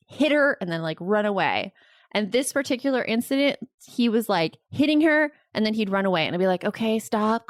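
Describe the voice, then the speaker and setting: A mother co-hosting a casual parenting podcast, telling stories with lively acted-out outbursts. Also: on the low side, dry recording, studio quality. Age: adult mother. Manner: animated storyteller, acts out raised voices. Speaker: podcast co-host.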